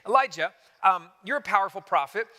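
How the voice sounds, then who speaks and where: God speaking patiently and coaxingly, as a preacher puts him on. The voice sits a little high and bright, with long church reverb behind it. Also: male voice, animated, a little fast, heavily acted.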